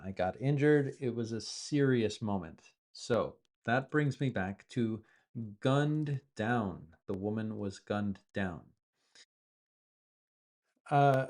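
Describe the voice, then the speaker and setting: A native-speaking man teaches English, patiently explaining how words from the news are used and giving repeated examples. His voice is mid-range and a little mellow.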